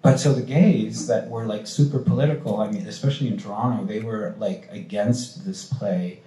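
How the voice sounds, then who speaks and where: A man with a low, dark and mellow voice tells animated stories to a panel audience. He acts out the people he quotes and swears freely. The sound comes through an echoey hall. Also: moderate pace. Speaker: playwright panelist. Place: cultural institute event hall.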